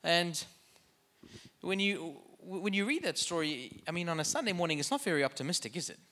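A man's voice: fairly high pitch, expressive, fairly quick, pushed and bright. A young adult man preaching a sermon in a humorous, conversational, self-deprecating way. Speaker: pastor.

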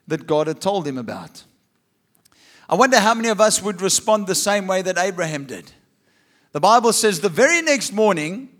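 A man's voice: high voice, a bit bright. A man preaching a sermon, reading scripture and asking rhetorical questions with humorous asides. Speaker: pastor.

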